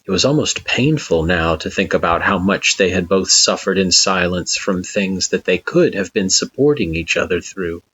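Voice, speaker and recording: Deep-voiced man reading a story. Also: animated, normal speed, hardly any pauses, a bit bright, slight background noise. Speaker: narrator. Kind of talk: fan fiction audiobook narration. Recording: dull lo-fi recording.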